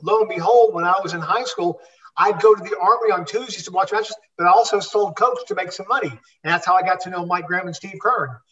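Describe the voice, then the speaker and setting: An older man who used to wrestle tells rambling stories as a guest in a live interview, restarting often. His high voice is fairly bright and moves quickly, and the recording sounds roomy, distant, dull and lo-fi.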